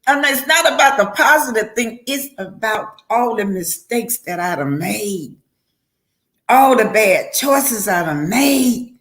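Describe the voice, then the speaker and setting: A woman's voice: on the high side, animated, a little slow, fairly bright tone. An older woman, a grandmother, talking casually on a live stream and giving heartfelt life advice, preachy in tone and often stumbling and restarting her words.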